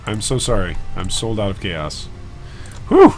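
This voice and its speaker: A man's voice: fairly low pitch, wildly swooping pitch, a little slow, over music. A man hosting a casual live stream while trading, joking about himself and chatting with viewers. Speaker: gaming streamer and guild leader.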